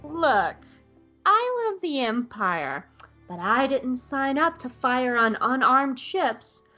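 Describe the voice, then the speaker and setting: A woman's voice: sits high, sing-song, slow, sharp tone, muffled recording, faint music behind, exaggerated voice. A woman doing a tough, blunt teenage girl. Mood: sly. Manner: blunt, sly.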